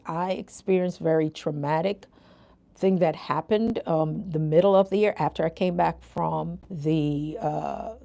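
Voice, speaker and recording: A woman's voice: on the low side, gravelly, dark tone. An older woman from Jamaica with a Jamaican accent, hosting a casual livestream and chatting with her viewers, laughing often. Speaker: nurse coach and livestream host.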